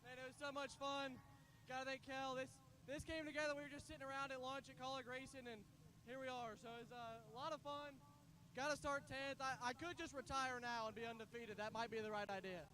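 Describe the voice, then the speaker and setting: Breathless young race winner, off-mic. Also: male voice, very high-pitched, fast talker. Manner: relaxed, joking.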